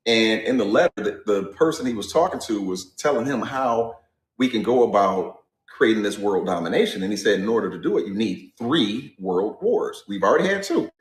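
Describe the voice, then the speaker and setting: A man's voice: on the low side, lively intonation, normal speed, echoey room. A man ranting bluntly and casually, swearing as he builds his point. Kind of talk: casual rant. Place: garage.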